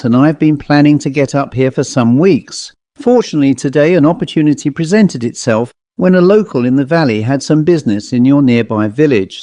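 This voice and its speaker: A man voicing a jovial, eccentric elderly English gentleman who speaks in a genteel, old-fashioned, chatty way with an English accent. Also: fairly high pitch, no room sound, close to an everyday voice.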